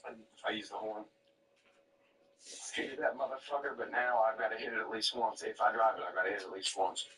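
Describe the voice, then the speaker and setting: A man's voice: lowish voice, fairly even intonation, fairly quick, a bit bright, distant mic, rough recording. A man in casual chat, telling laid-back family anecdotes with some swearing.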